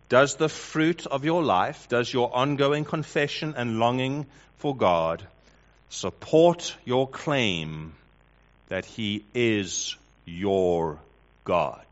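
A man preaching a sermon, building through rhetorical questions and swinging between loud emphasis and hushed lines. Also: medium pitch, animated, slow, long pauses. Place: church hall with congregation. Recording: dull lo-fi sound.

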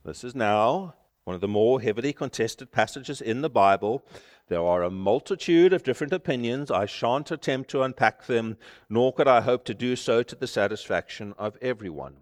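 A man preaching a sermon, emphatic and building to forceful declarations. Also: mid-range voice, lively intonation, moderate pace, in a large hall.

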